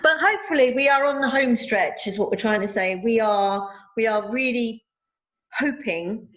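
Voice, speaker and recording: A woman's voice: a little high, normal speed, a bit bright. A woman co-hosting a vocal group's update, chatting in a playful, silly, self-mocking way over a video call. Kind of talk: casual chat on a video call. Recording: dull lo-fi video call audio.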